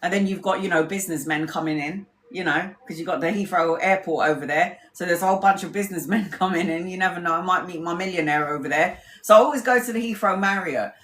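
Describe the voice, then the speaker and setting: A woman's voice: on the low side, fast talker, few pauses, fairly bright tone. Woman tarot reader, livestream chat, rambling, blunt with swearing, echoey room. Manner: candid, rambling, swears freely. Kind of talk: casual livestream storytelling. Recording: roomy echo.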